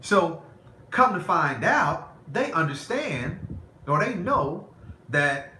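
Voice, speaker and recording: A man's voice: fairly high pitch, very animated, takes it slowly, bright, forceful tone. A man vlogging, telling a personal story in a candid, rambling, conversational way. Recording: roomy echo, faint background noise.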